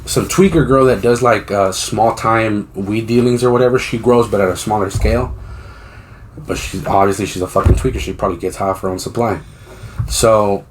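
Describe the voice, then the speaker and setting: A man's voice: on the low side, steady tone, normal speed, a little hiss or hum. A man co-hosting a podcast, retelling a story in a loose, rambling, profane way with frequent restarts. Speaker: podcast co-host. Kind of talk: casual storytelling chat.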